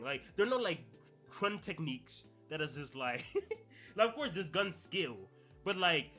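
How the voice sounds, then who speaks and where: High, lively young man ranting. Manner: animated, slangy, laughs through his rants. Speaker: podcast host. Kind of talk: casual solo commentary.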